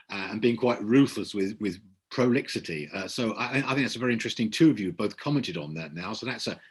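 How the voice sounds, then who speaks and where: A man hosts a poetry reading, gushing with praise for each poet. His voice is husky and slightly breathy, and his pitch swings widely as he enthuses. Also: fairly bright tone. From Kent, England. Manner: effusive, full of praise. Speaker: host.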